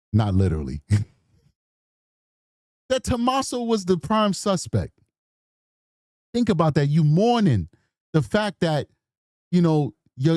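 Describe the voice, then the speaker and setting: A man's voice: a little high, dry recording, clean studio sound. A man in his forties giving rambling, slangy reaction commentary on a true crime case. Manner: rambling, slangy, animated storytelling.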